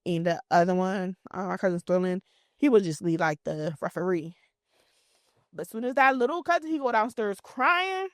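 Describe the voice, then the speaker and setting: Thirties woman, podcast co-host, lively storyteller who acts out quotes, dry close sound. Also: medium pitch, moderate pace, dry recording. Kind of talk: casual chat.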